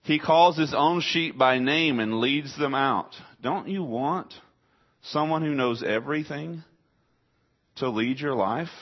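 A man's voice: on the high side, takes it slowly, dull audio. A man pastor preaching a conversational sermon, asking rhetorical questions and voicing his listeners' objections.

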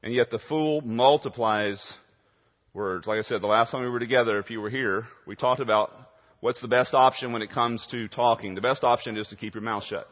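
Male pastor preaching, loud stresses, soft asides, middle pitch, muffled and roomy. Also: brisk. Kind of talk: sermon. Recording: dull sound in a reverberant hall.

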